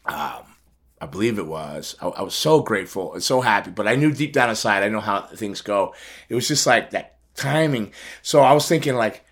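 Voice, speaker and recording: A man's voice: lowish voice, animated, normal speed, a bit bright, slightly rough. A middle-aged man telling a personal story in casual chat, acting out phone calls and laughing often. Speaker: podcast host telling a story.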